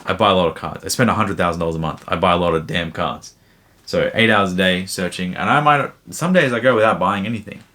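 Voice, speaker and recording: Low-voiced man rambling through viewer questions. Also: fast, pushed and bright. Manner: rambling, frequent fillers and self-corrections. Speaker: card seller answering viewer questions. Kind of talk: casual Q&A.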